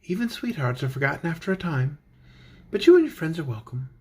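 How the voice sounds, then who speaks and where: A man's voice: fairly high pitch, sing-song, fairly quick, breathy edge. A man voicing a young woman who speaks in a cool, politely amused way.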